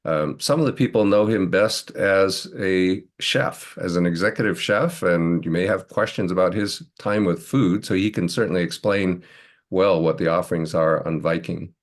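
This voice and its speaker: A man's voice: low voice, moderate pace. A man hosting a webinar, introducing the next speaker with many hesitant fillers. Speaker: webinar host.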